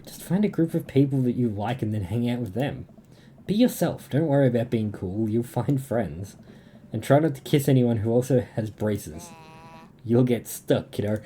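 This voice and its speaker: A man's voice: medium pitch, warm tone, slight background noise. A young Australian man streaming a dating game, reading its lines aloud and chatting between them. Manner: reads game dialogue in a plain voice, breaks off to chat and laugh.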